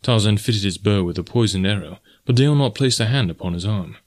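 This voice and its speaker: An audiobook is narrated by a man with a lowish voice, reading the script in a measured, even storytelling style.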